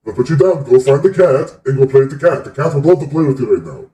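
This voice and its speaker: A man's voice: mid-range voice, lively intonation, fast talker, dark tone, far from the mic. A man playing his character in an online tabletop game, talking animatedly and playfully. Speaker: player. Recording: roomy mic set back from the speaker.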